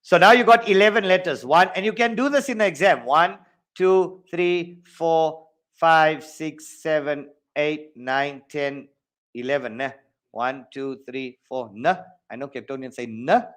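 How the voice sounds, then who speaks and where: A man with a South African accent runs an online maths lesson, his voice sitting on the higher side. He is lively and jokey and counts the steps out loud. The sound comes through a video call. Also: unhurried. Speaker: maths teacher. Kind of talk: online exam-prep lesson.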